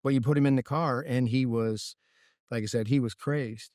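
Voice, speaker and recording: A man's voice: medium pitch, normal speed, no room sound, clean studio sound. A man, a racing crew chief, telling stories as a guest in a casual interview, often restarting and checking in with "right?". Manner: animated storyteller with frequent restarts and "right?".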